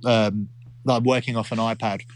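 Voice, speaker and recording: A man's voice: lowish voice, steady tone, normal speed, a little hiss or hum. A man who works as a club DJ, chatting on a podcast in a rambling way and often restarting his sentences. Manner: rambling, with frequent restarts and self-corrections. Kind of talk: casual chat.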